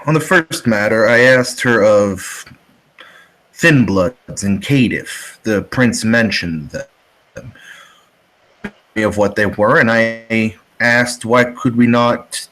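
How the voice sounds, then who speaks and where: A man's voice: fairly low pitch, slow pace, fairly bright tone, low-quality recording. A man playing a grave, disillusioned male vampire who speaks in formal, old-fashioned phrases during a tabletop role-play. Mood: disappointed, grave.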